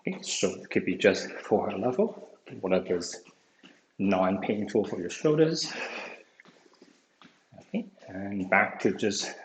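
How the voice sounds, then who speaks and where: Speaking in a lowish, very animated voice at a measured pace with frequent pauses, a man instructs an online fitness session. He sounds a bit out of breath, stays encouraging, and can't stop saying "okay." It's a video call in an echoey room with faint noise.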